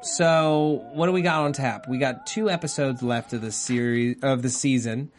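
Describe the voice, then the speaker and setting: A man's voice: mid-range voice, moderate pace, soft background music. A man hosting a casual chat about a TV episode, joking and slipping into goofy voices. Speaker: podcast host.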